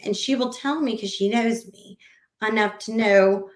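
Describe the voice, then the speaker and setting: A woman's voice: fairly high pitch, a little slow, roomy sound. A woman guest on a podcast, talking casually and animatedly, acting out quoted conversations and rambling with restarts. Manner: animated, acts out quoted dialogue; rambling with frequent fillers and restarts.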